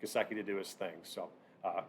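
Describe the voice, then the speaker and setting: A man hosting a casual sports picks breakdown, talking in halting bursts with lots of fillers and restarts. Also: deep voice, fairly even intonation, slight background noise. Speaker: sports betting channel host.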